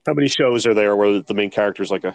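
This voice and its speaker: Animated podcast guy on a dry mic. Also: lowish voice, very fast, vocal fry, no echo. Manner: animated storyteller, opinionated. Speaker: podcast co-host. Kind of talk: casual chat.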